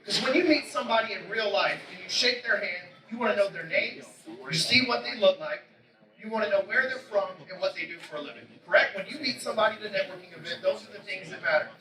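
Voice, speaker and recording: A keynote speaker with a high, fast, bright, forceful voice gives a brash motivational sales talk on an event stage before a live audience, swearing constantly and hammering his points. The hall is roomy, the mic is distant, and the crowd can be heard.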